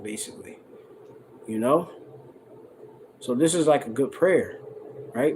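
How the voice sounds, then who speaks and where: A man in a casual scripture study, loose and conversational, reading verses slowly and sounding out words to define them, recorded on a handheld phone. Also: mid-range voice, background noise. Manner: loose and conversational, heavy on "you know" and "all right". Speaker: Bible teacher. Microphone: handheld phone camera, no tripod.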